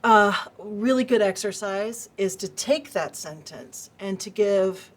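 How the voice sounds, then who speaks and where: A woman's voice: mid-range voice, slow pace. A woman on a drama panel giving acting advice and agreeing with the others. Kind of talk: panel discussion.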